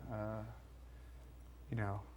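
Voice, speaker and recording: A man from Canada hosting a talk show, chatting casually and restarting his sentences often. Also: a little mellow. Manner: halting, restarts sentences, eager. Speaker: show host. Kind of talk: casual chat.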